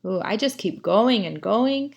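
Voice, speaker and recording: A woman's voice: mid-range voice, lively intonation, gravelly, darkish tone. A woman teacher giving a writing lesson, reading sentences aloud and asking the class what to fix. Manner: slow, explaining, asks the class questions.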